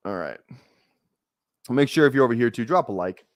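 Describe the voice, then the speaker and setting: A young man streams live from home into a close desk mic, his voice sitting at an ordinary middle pitch. He rambles excitedly, trips over restarts and swears freely, and the sound is dry with no room echo. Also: fairly quick. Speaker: fantasy football streamer. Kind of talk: casual live-stream chat.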